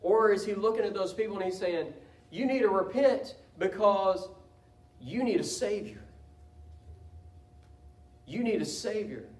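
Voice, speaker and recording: A high-pitched man preaches with fervor, his voice climbing into loud cries at its peaks. He is picked up from a distance, so the sound is thin and carries the ring of a reverberant church sanctuary. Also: animated, unhurried, pauses often. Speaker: pastor. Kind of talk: sermon. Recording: echoey church room from a distance.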